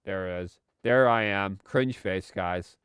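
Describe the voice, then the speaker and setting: Male stream host, slow and sarcastic, smooth clear voice, dry close sound. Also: sits low, a bit bright, dry recording. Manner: sarcastic, exasperated. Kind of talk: live commentary stream.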